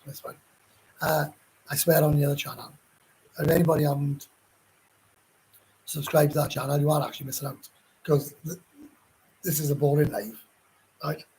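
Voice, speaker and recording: A gruff Welsh man hosting a livestream, his fairly high voice rough and gravelly. He rambles bluntly through viewer comments in casual chat, swearing often and restarting sentences. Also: level tone, moderate pace, long pauses, darkish tone, rough recording. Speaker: livestream host.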